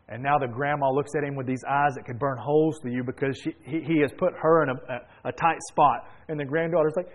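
A man preaching a sermon and retelling a story, swinging between hushed and emphatic delivery. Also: mid-range voice, fast, rough recording.

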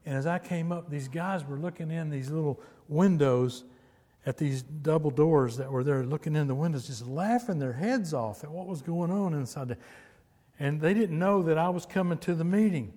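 A man's voice: on the high side, normal speed, mellow, in a large hall. A man from Texas, preaching a sermon with emphatic repetition and storytelling.

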